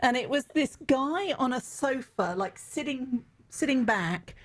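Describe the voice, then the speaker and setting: A middle-aged woman with an English accent, a podcast guest telling quick, witty stories. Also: high-pitched, lively intonation. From England. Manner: witty, quick storytelling with laughs. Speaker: guest, executive coach. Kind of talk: casual interview chat.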